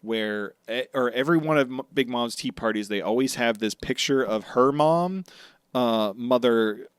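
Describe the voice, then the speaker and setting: A man co-hosting a podcast, recapping a comic casually and jumping into high voices for the characters' lines. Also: normal speed, clear, resonant tone, no room sound, clean studio sound. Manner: animated storytelling, acts out characters' lines in sudden high voices. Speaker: podcast co-host.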